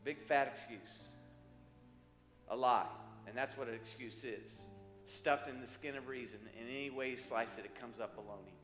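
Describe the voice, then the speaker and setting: A male pastor preaching a sermon, moving from loud urging to soft, prayerful appeals. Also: mid-range voice, fairly even intonation, fairly quick. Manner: shifts from loud exhorting to soft prayerful calls. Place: church sanctuary. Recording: echoey church hall with music behind.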